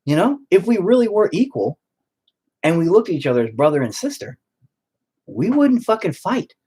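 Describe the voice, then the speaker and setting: A man's voice: high-pitched, big pitch swings, normal speed, warm tone, breathy edge. A man chatting at home while painting, rambling through a profane, opinionated rant.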